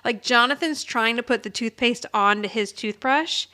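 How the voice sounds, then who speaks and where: A woman's voice: fairly high pitch, moderate pace. A woman co-hosting a podcast, giggling often as she recaps a TV episode in casual chat. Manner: giggly, animated retelling, quoting characters' lines. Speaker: podcast co-host.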